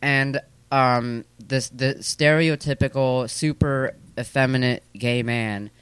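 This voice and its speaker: Man, 30s, smooth voice, loose self-deprecating rambling talk, dry studio mic. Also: medium pitch, fairly even intonation, slow, fairly bright tone, no echo. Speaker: guest, comedic performer. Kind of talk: casual conversational interview. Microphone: studio microphone.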